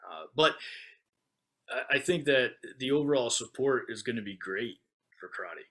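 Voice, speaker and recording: A man's voice: mid-range voice, lively intonation, normal speed, fairly bright tone. Man, podcast guest, casual, thoughtful and easygoing. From United States. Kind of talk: casual chat.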